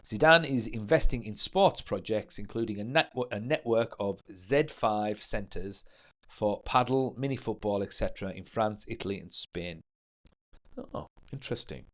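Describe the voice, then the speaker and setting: Man, livestream host, casual football talk, reads notes and viewer comments aloud. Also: medium pitch.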